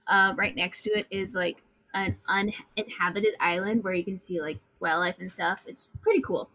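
Woman player, bright tone, rambling and hesitant. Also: medium pitch, steady tone, moderate pace, low-quality recording. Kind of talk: casual tabletop banter.

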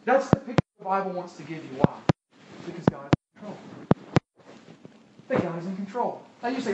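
A man's voice: high voice, animated, a little fast, long pauses, lo-fi sound. A man preaching a sermon, talking conversationally and asking the crowd rhetorical questions. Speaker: pastor. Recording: echoey hall, distant mic, loud noise.

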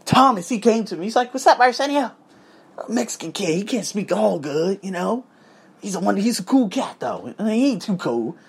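A man in his thirties from Las Vegas spins a casual story for his viewers. His voice is gravelly and husky and swings widely up and down in pitch. He swears freely and often laughs as he talks. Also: brisk. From Las Vegas, USA. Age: 30s. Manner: animated, profane, laughs often.

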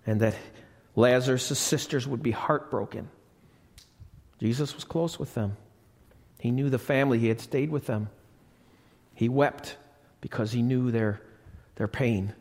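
A man's voice: medium pitch, a little slow, pauses often, a little mellow. A male pastor preaching a sermon. He speaks with emphasis, repeats key phrases and asks the congregation questions. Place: church. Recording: live church recording with long reverb.

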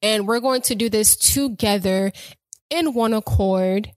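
A young adult woman hosting a casual faith podcast, talking with excitement and rambling, often repeating her phrases. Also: mid-range voice, unhurried, no room sound. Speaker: podcast host.

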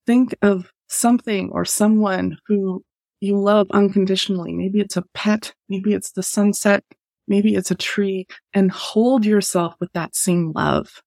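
Soft-spoken woman with a gravelly edge, heartfelt advice, dry mic. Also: mid-range voice, fairly even intonation, no room sound. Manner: slow, gentle, heartfelt, coaching tone. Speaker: interview guest. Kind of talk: reflective interview answer.

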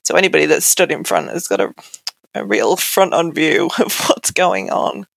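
Young woman with a heavily creaky voice. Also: low voice, very animated, moderate pace, dry recording. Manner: candid, conversational, with many "like" fillers. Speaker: guest telling her story. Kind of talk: personal account in an interview.

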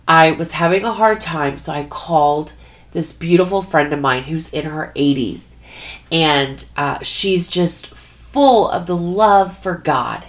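A woman telling a personal faith testimony in an earnest way, searching for her words as she goes. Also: on the low side. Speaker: Christian speaker.

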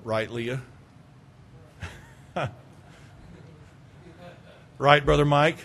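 A middle-aged male pastor preaching a sermon, animated, swinging between loud urging and quiet asides. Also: mid-range voice, very slow, gravelly, slight background noise.

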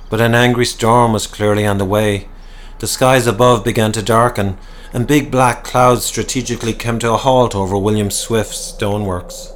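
A man's voice: mid-range voice, steady tone, normal speed. A man narrating a comic horror tale in a wry, dramatic way. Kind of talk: storytelling narration.

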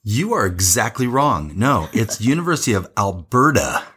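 A man's voice: on the low side, sing-song, moderate pace, bright, forceful tone, husky. A man co-hosting a casual wine tasting show, chatty and rambling, laughing often.

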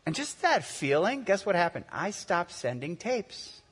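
Male pastor in his forties, slightly high voice, preaching in a conversational, story-led way, long hall reverb. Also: sing-song, fairly bright tone, breathy edge. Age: 40s. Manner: conversational storytelling, slowing to earnest emphasis. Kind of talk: sermon.

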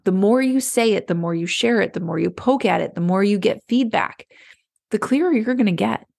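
A woman's voice: mid-range voice, moderate pace, vocal fry, darkish tone. A woman coach giving a casual motivational talk, chatty and conversational, often acting out people's inner voices. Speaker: clarity coach.

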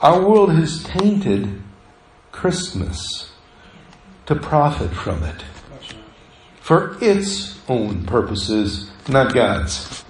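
A man's voice: medium pitch, very animated, very slow, long pauses, reverberant, slight background noise, low-quality recording. A middle-aged male pastor preaching a sermon, telling stories in a conversational way and acting out the voices of the people he quotes. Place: church sanctuary.

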